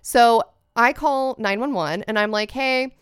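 A woman co-hosting a podcast, telling a story in a casual, animated way and acting out what people shouted. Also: on the high side, unhurried, clean tone, no room sound, clean studio sound. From California. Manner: animated, acts out shouted quotes. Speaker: podcast co-host.

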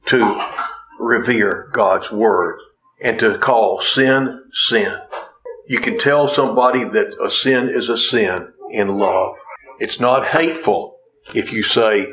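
A man preaching a sermon from the pulpit, earnest and plainspoken. He drives points home by repeating key phrases. He drops in folksy, gently humorous asides, all at a mid-range pitch. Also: poor audio. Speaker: pastor.

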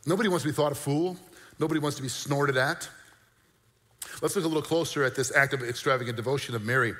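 A male pastor delivering an animated sermon, with bursts of mock disbelief and a conversational, joking aside. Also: mid-range voice, fast, in a large hall. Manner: animated preaching with mock-incredulous outbursts.

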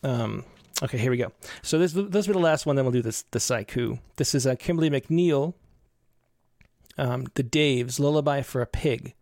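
A man's voice: mid-range voice, moderate pace, vocal fry, darkish tone, no room sound, studio quality. A man hosting a podcast, talking casually and rambling with many fillers. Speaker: podcast host.

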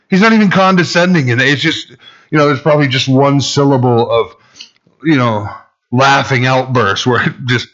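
A man giving a loose, conversational sermon, his speech full of fillers, asides and restarts. His voice sits at an ordinary middle pitch and climbs when he presses a point. The recording is a little dull and lo-fi. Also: expressive, unhurried, a bit bright. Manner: casual and rambling, heavy fillers, rises in pitch for emphasis. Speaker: pastor.

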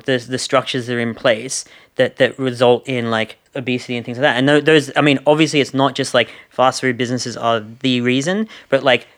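An Australian man talks through a casual podcast discussion at a mid pitch. He circles his points with restarts and fillers and slips in dry sarcasm. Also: fairly bright tone.

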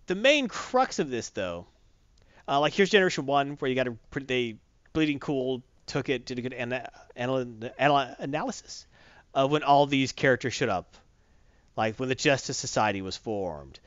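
A man's voice: mid-range voice, fairly bright tone, dry recording. Man, casual podcast chat, rambling, self-correcting, dry muffled sound.

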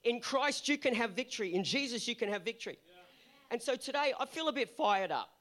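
Fired-up high-voiced pastor, hoarse. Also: male voice, expressive, a little fast, fairly bright tone. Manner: fired-up preaching with repeated refrains. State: hoarse from losing his voice. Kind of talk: sermon.

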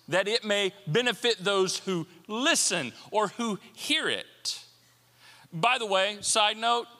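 A man preaching a sermon as a pastor, animated and playful, with jokes and asides. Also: sits high. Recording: long hall reverb.

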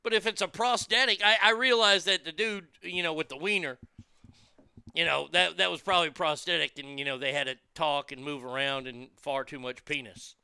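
A man rants profanely as he hosts a talk show. His voice sits high and sounds very bright and crisp. It swings between low muttering and loud outbursts, close on a dry mic. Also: fairly even intonation, moderate pace, dry recording. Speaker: podcast host. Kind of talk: casual ranting monologue.

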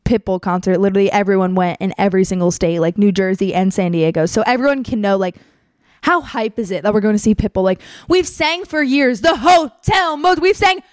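A woman's voice: medium pitch, fairly quick, darkish tone, no room sound. A young woman telling a casual story in a chatty way, packed with fillers and acted-out quotes. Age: young adult.

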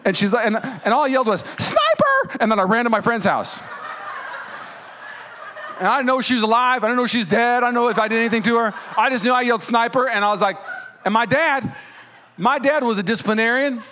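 A male pastor preaching a sermon in a church, telling stories in an animated way and acting out what people said. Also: extremely high pitch, fast talker, a little hiss or hum. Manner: animated storyteller who acts out quotes. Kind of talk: sermon with personal storytelling.

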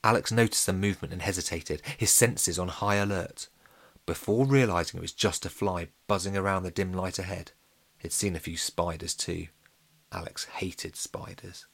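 A man reads a children's adventure audiobook. His delivery is steady and gently expressive, suited to young listeners. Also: low voice, moderate pace, creaky. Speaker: narrator.

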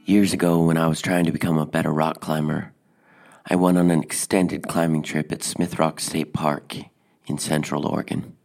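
Deep, gravelly man with a flat, deadpan delivery, telling a personal story with plenty of ums. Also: normal speed, soft background music. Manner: deadpan, hesitant with fillers.

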